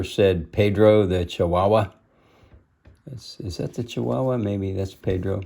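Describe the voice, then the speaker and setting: A man's voice: on the low side, fairly even intonation, unhurried, gravelly, warm tone. A man reading a picture book aloud, stopping to explain the story in simple words. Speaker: storybook reader.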